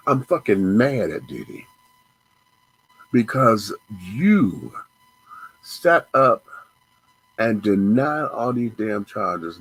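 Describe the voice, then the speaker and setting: A man's voice: on the low side, a bit bright, poor audio. A man hosting a show, ranting angrily with profanity and repeating himself. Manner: angry, profane, repetitive rant. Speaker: host. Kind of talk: ranting commentary.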